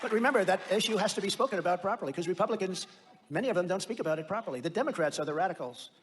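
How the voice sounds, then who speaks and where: Fast, high-voiced man giving a rambling speech. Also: lively intonation, noisy background. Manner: rambling, boastful, repetitive. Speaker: political speaker. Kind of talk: rally speech.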